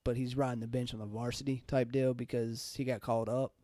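A man's voice: medium pitch, level tone, a little fast, mellow, no echo, studio quality. A young man chatting casually, rambling through fillers and casual swearing. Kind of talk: casual chat.

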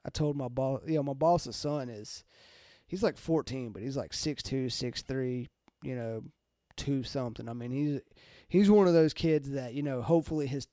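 Rambling young man, mellow tone. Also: medium pitch, moderate pace, dry recording, studio quality. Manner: rambling, heavy with fillers and swearing. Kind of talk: casual chat.

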